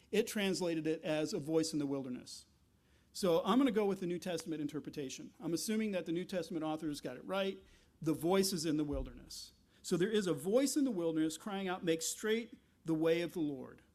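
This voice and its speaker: High-voiced man preaching a sermon. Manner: animated teaching with asides and rhetorical questions. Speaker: pastor.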